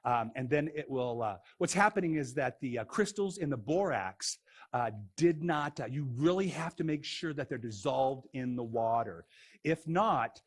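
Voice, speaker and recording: A man teaching a playful science demo for kids, goofy and excitable, joking as he goes. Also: mid-range voice, moderate pace, breathy edge.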